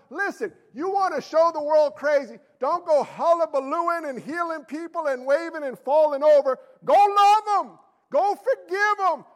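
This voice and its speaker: A male pastor preaches a fiery, blunt sermon full of folksy talk, his voice riding very high for a man. A long reverb trails his words through the church sanctuary.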